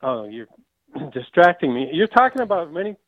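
A man phoning in to a talk radio show, his voice a little high and thinned by a tinny phone line. He rambles and hesitates, filling gaps with ums, and the line sounds dry. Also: very animated, normal speed, no room sound. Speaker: caller. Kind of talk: phone-in caller.

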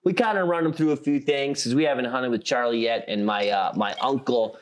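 A man's voice: medium pitch, a little fast. A man from South Dakota co-hosting a podcast in casual chat, rambling and laughing often. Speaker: podcast co-host.

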